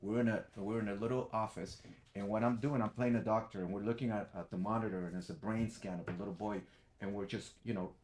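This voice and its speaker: Animated man telling a story. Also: fairly low pitch, reverberant. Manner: animated, acts out quoted voices. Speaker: guest, background actor. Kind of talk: casual storytelling.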